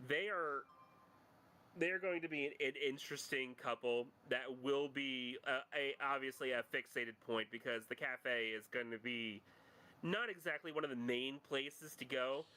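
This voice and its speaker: A man's voice: medium pitch, sharp tone, low-quality recording. A man who writes fan fiction, chatting casually and rambling with many restarts and laughs. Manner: rambling, halting, laughs often. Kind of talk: casual chat.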